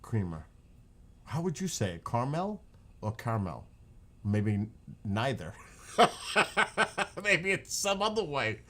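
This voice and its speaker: A man's voice: medium pitch, big pitch swings, slow, long pauses, sharp tone. A man with a New York accent, chatting casually on his live stream, rambling and joking.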